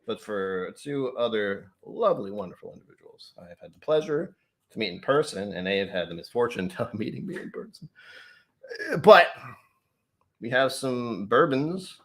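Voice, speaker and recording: A man's voice: mid-range voice, animated, normal speed, a bit bright. A man hosting a livestreamed whiskey tasting from home, chatting in a playful, self-mocking way and laughing easily. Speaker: host.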